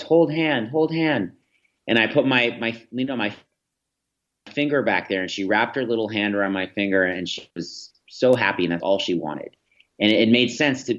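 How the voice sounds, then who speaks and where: A man's voice: on the low side, muffled recording. A man, a podcast guest, telling reflective stories in an interview, with many restarts and fillers. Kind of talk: storytelling in an interview.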